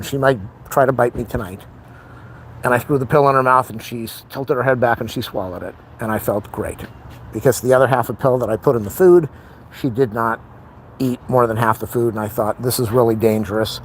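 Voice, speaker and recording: A man's voice: medium pitch, fairly quick, slight background noise. A middle-aged man venting in a rambling, frustrated casual monologue on a live stream.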